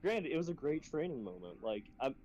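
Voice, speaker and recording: The recording is muffled with a bit of background noise as a brisk-talking man, a Marine instructor, shares a war story from training. His casual chat is full of profanity, and he animates quoted lines with sudden high-pitched jumps.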